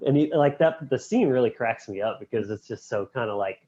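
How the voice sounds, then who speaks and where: Animated man retelling scenes, lo-fi sound. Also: medium pitch, breathy edge. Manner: animated, acts out scenes with quick voice impressions. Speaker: podcast co-host. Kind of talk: casual film discussion. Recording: dull, lo-fi podcast audio.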